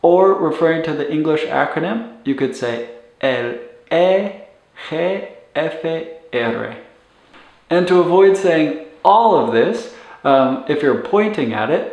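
A man teaching medical Spanish vocabulary in a recorded lesson, saying each Spanish term slowly and then repeating it. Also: on the high side, animated, a little mellow, echoey room.

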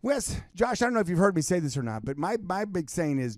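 A man in casual podcast chat, animated and storytelling, acting out the people in his stories. His voice sits a little high. The sound is dry and close to the mic. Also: brisk, no echo. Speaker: podcast co-host.

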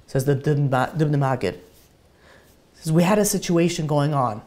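A man's voice: fairly high pitch, measured pace, long pauses, a little mellow. A rabbi giving a sermon, telling an emotional story, his voice rising with feeling as he urges his listeners.

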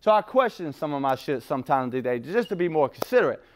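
A slightly high, sing-song male voice comes through fast, with a little hiss or hum in the recording. The middle-aged man rambles at a recovery meeting, blunt and profane, swearing freely and laughing at himself.

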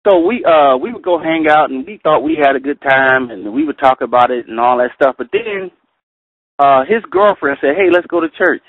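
A middle-aged man leading a Bible study, reading verses slowly and carefully, then telling personal stories with animated delivery. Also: medium pitch, no room sound. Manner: animated storyteller, reads scripture slowly and carefully. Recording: tinny phone line, dry.

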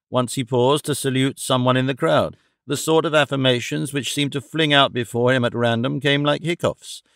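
A male audiobook narrator tells a classic story at a steady pace. His voice is gravelly, with a middle pitch. The recording is close and dry. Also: no echo. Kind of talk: scripted narration of a classic novel.

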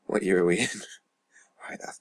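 Brisk and steady in tone, a low-voiced man provides casual gameplay commentary on his YouTube channel while playing a football management game. He rambles, mutters asides, and swears under his breath as he reads stats, with no room sound.

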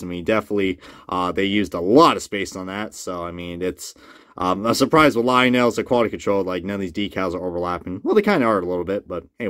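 A man casually reviewing a collectible model car, chatty and swearing freely, often jumping into loud disbelief. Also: lowish voice, no echo, studio quality. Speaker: diecast reviewer.

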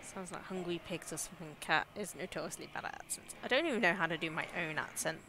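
A woman's voice: lowish voice, fast talker, noisy background. A young woman with an English Midlands accent chatting casually and giggling as she streams a game. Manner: chatty, giggly, reacts aloud to scares. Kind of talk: casual live gameplay commentary.

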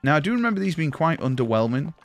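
Young aussie guy streaming a game, kinda high voice, swears a lot, super animated. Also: fast talker, faint music behind. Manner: excitable, chatty, swears often, thanks viewers. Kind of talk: live gameplay commentary.

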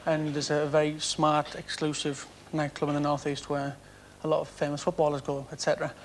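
A man's voice: fairly high pitch, monotone, fairly quick, slight background noise. Sheepish young man. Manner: sheepish, understated. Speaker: contestant. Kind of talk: confessional storytelling. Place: TV studio with audience.

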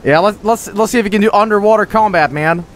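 A man's voice: high-pitched, fast, a little hiss or hum. A man streaming a game, joking around casually and slipping into silly voices. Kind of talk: casual gameplay commentary.

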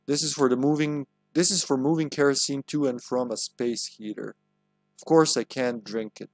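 A man's voice: medium pitch, fairly even intonation, normal speed, no echo. A man streaming a video game live, rambling and making joking asides. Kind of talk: live let's-play commentary.

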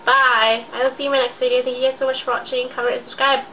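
A woman's voice: sits high, level tone, rapid-fire, sharp tone, low-quality recording. A young woman talks through a makeup tutorial in a loose, chatty way, full of fillers and asides. Her voice sounds nasal and blocked up from a lingering cold. A faint hiss of background noise sits under the recording. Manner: chatty, rambling, many "um" and "like" fillers. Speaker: beauty vlogger.

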